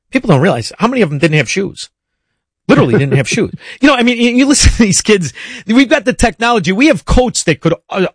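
A man's voice: a little high, breathy edge, dry recording. Male interview host, passionate and rambling, dry close sound. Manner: impassioned, rambling questions. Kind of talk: conversational interview.

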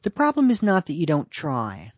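A man's voice: a little high, huge pitch swings, moderate pace, dry recording, clean studio sound. A man voicing a little girl playing a cruel, snide schoolteacher as part of a read-aloud story. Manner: prim, snide, mock-sweet.

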